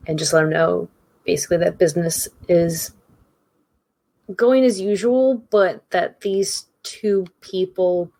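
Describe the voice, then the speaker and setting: A woman playing a tabletop game in a low-key, deliberate way. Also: a little mellow, poor audio. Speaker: player. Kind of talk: casual play at a tabletop game.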